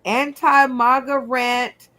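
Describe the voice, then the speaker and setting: Unhurried playful woman hosting a game show. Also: high-pitched, level tone, bright, forceful tone. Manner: unhurried, playful, recapping everyone's picks. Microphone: video call.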